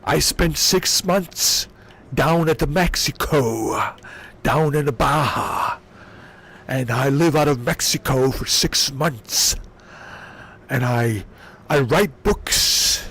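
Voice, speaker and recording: A man doing a comedic impression of a boastful older tough-guy ex-wrestler politician, in a slow, gravelly drawl. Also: mid-range voice, fairly bright tone. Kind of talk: comedic impression while gaming.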